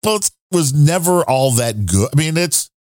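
A man's voice: a little high, lively intonation, moderate pace, darkish tone, dry recording, clean studio sound. A man hosting a podcast in casual chat, rambling along with fillers and asides. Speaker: podcast host.

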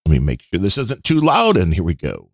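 A man hosting a casual talk show, chatting in an opinionated way with fillers and pauses. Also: deep voice, wildly swooping pitch, no room sound, studio quality. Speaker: podcast host. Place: Chicago area.

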